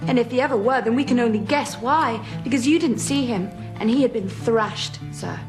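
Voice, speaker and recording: An actress playing an earnest, principled young gentlewoman in a period drama, speaking formally and with feeling. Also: on the high side, moderate pace, over music, natural voice. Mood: impassioned. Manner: formal, impassioned speech. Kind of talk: period television drama acting.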